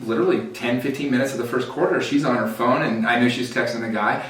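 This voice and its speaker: A man's voice: mid-range voice, fast, fairly bright tone, distant mic. A man hosting a podcast speaks in a candid, chatty way, with many fillers. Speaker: podcast host. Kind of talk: casual chat. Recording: echoey room, voice away from the mic.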